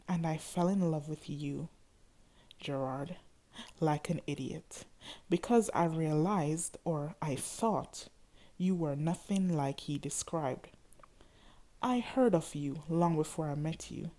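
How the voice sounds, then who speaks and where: A woman reading first-person urban fiction aloud in a dramatic, expressive way. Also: deep voice, takes it slowly. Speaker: audiobook reader.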